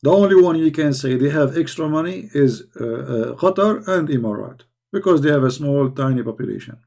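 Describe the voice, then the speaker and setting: A man's voice: a little high, animated, fairly quick, creaky, a little mellow. A man hosting a live chat, talking in a sarcastic, mocking way with broken grammar. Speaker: chat show host. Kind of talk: casual live-chat monologue.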